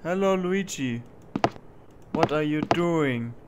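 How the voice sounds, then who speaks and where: A man's voice: a little high, animated, slow pace, very noisy. A man giving let's play commentary on a horror game, talking to himself and yelping when he is startled. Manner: jumpy, talks to himself, yelps when startled.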